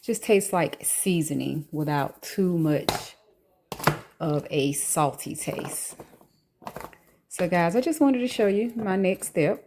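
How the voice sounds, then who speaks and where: A woman's voice: lowish voice, animated, takes it slowly, noisy background. Chatty woman vlogging from her kitchen. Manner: chatty, talks to viewers while cooking, slangy asides. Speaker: cooking vlogger. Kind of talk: casual cooking vlog chat. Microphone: phone camera.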